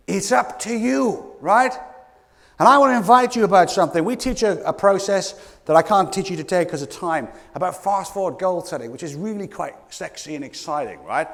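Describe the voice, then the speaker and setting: A British man giving an energetic, playful motivational keynote as a leadership coach, calling out to the audience from a conference stage. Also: sits high, fairly quick, gravelly, big-room sound. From Britain.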